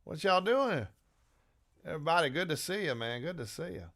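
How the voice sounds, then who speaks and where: A man hosting a live stream, shouting greetings to viewers by name and telling folksy stories in a relaxed drawl. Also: a little high, a little fast. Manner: folksy storytelling with drawled asides. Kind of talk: casual chat greeting viewers.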